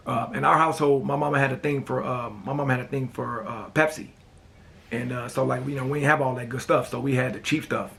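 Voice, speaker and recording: A man with a gravelly, rough-edged voice hosts a casual talk show. He tells family stories in a laid-back, rambling way and keeps dropping "man" and "you know." His voice sits at a middle pitch. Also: fairly bright tone. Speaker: host. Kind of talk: casual personal storytelling.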